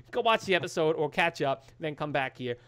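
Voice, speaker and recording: A man's voice: fairly high pitch, expressive, normal speed, fairly bright tone, smooth. A man co-hosting a podcast, casually recapping a TV episode and acting out the characters' lines in quotes. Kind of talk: casual chat.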